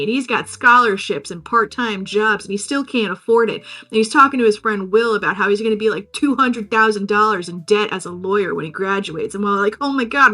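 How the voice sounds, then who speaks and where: Bright-voiced young woman rambling casually. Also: medium pitch. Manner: rambling, filler-heavy, jokey recap. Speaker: podcast co-host. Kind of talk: casual chat.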